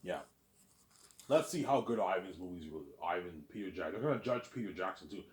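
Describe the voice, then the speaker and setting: Deep-voiced man rambling fast. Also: lively intonation, roomy sound. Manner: repeats words and restarts often, loose and boastful. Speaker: author hosting his own listening series. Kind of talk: rambling casual monologue.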